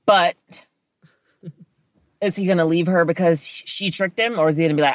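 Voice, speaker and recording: A woman's voice: lowish voice, moderate pace, pauses often, dry recording, studio quality. An American woman co-hosting a podcast, ranting bluntly and swearing heavily in casual chat. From United States. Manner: blunt, heavy swearing, rants. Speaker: podcast co-host.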